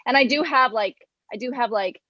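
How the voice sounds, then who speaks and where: A woman from Pennsylvania chatting casually on a podcast, relaxed and full of fillers. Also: a little high, a little fast. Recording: dull lo-fi sound.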